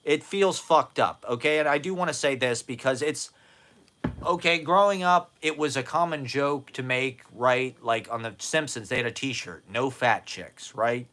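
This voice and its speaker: A man in his forties from the United States rambles through a loose monologue, self-deprecating and quick to swear. His voice is bright and forward, sitting in an ordinary middle pitch. He laughs often and sometimes wanders off-mic.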